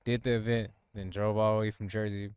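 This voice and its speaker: A man's voice: on the low side, little pitch movement, a little fast, a little mellow, smooth, no echo, studio quality. A laid-back man from Louisiana co-hosting a casual podcast, chatting unhurriedly and laughing often. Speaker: podcast co-host. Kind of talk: casual chat.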